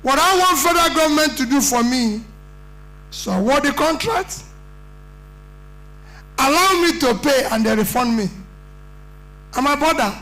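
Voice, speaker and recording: Emphatic high-voiced Nigerian man. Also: animated, a little slow, long pauses, bright, forceful tone, faint music behind, rough recording. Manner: earnest, emphatic, plain-spoken. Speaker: political speaker. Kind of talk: conference speech.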